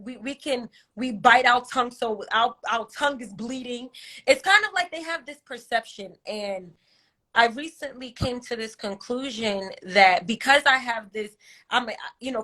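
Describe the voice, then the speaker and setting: A woman's voice: high-pitched, pushed and bright. A woman who calls herself a healer, in a candid podcast conversation, telling an emotional story vividly and acting out her inner dialogue.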